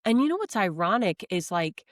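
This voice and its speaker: A woman co-hosting a podcast from home with her husband, chatting casually, quick to agree and laugh. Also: mid-range voice, sing-song, dry recording, studio quality. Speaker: co-host, wife. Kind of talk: casual chat.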